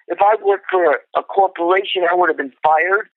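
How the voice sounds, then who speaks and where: A middle-aged man, a drummer, telling an animated, profane story about his early career. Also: high voice, brisk, few pauses, no echo. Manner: animated, profane, acts out quotes. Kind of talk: storytelling interview. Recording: tinny phone-like line.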